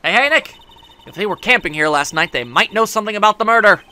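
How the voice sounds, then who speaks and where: A man's voice: high voice, animated, quick pace, bright, forceful tone, full character voice. A man voicing a perky, cheerful young woman sidekick with a chirpy, teasing delivery.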